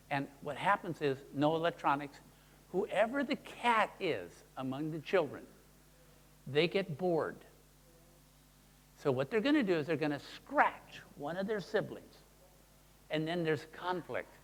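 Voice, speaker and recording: A man leads a teaching seminar and acts out his points in little character voices. His voice sits a bit high for a man and swoops widely from phrase to phrase. A long echo from the hall trails each sentence. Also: measured pace. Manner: animated, acts out examples in voices. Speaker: seminar presenter. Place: presentation room.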